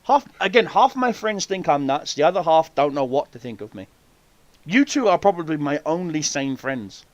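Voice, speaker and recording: A man's voice: a little high, moderate pace, dry recording, lo-fi sound. A man hosting a podcast, telling boastful stories in casual chat with lots of swearing. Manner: boastful storytelling, heavy swearing, lively. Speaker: podcast host.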